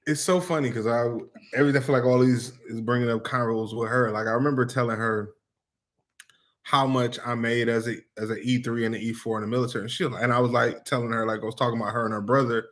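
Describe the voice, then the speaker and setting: A man co-hosting a family vlog, chatting casually and telling stories in a laid-back way with relaxed slang. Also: mid-range voice, fast. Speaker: co-host of a family vlog channel. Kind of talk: casual chat.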